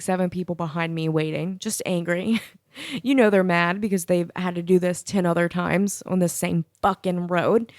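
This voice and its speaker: A woman's voice: fairly low pitch, no echo, clean studio sound. A young woman hosting a solo podcast, telling a profane, sassy story. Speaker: podcast host.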